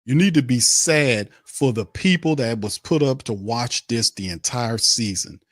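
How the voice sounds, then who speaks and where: A man's voice: medium pitch, unhurried, no room sound, studio quality. A man hosting a sports podcast, ranting angrily about his team and mocking its players. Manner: angry, mocking, repetitive ranting. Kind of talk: heated sports rant.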